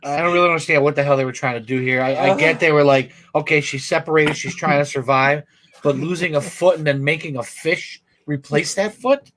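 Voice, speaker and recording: A man with a high speaking voice chats casually on a live stream. He retells a story with animation and acts out each quoted line himself. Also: fairly even intonation, fairly quick, a bit bright. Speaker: comic book show co-host.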